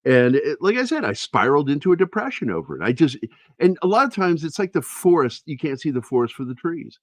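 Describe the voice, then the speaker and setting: Man, podcast host, animated pitch, candid rambling stories, dry close sound. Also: fast, no room sound. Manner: candid, rambling storyteller, swears freely. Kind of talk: casual chat.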